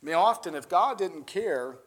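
A man's voice: high-pitched, expressive, moderate pace, fairly bright tone. A man preaching a sermon as pastor, earnest and building to emphatic peaks.

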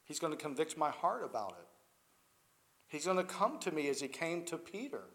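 Male preacher, higher-pitched voice, emphatic, loud-to-quiet sermon delivery. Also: sing-song, normal speed.

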